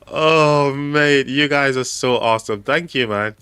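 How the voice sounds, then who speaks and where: A man's voice: a little high, fairly even intonation, takes it slowly, sharp tone, clear, resonant tone, dry recording, faint music behind. A man hosting a casual livestream, reading chat aloud and laughing often. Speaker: livestream host.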